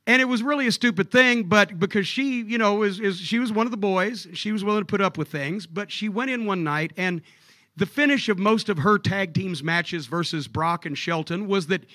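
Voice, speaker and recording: A man telling profane stories on stage at a live comedy club show, animated and jokey. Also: high voice, moderate pace, no echo.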